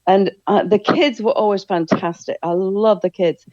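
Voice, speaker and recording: A woman's voice: mid-range voice, fairly even intonation, moderate pace, a little mellow, no room sound. A middle-aged woman, a therapist and trainer, talking enthusiastically as an interview guest and acting out quoted speech. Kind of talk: conversational interview. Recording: dull lo-fi sound.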